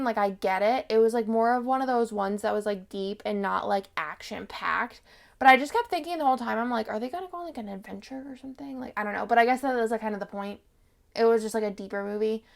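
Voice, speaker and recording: A woman's voice: medium pitch, creaky. A young woman, chatting casually in a rambling way full of fillers as a planner vlogger. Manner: rambling, filler-heavy, lots of "like". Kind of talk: casual chat.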